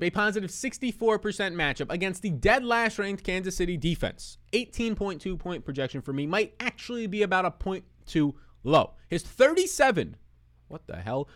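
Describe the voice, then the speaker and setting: A young man hosting a fantasy football picks show, talking in an energetic, profane, hype-man way. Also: high-pitched. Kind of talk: hyped sports betting talk.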